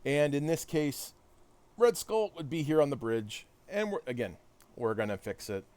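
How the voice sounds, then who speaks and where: A man's voice: on the high side, animated, normal speed, a little mellow. A man streaming a video game, chatting casually with viewers and poking fun at himself. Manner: chatty, self-deprecating, talks to chat. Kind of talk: casual live-stream chat while gaming.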